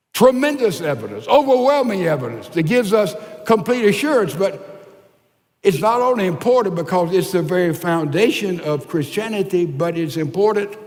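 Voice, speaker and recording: An older man preaches slowly and deliberately from the pulpit, his voice sitting a touch high for a man. He swings from emphatic lines to soft, hushed ones. His words ring out through the long reverb of a big church hall. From United States. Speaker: pastor. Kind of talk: sermon. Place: large church sanctuary.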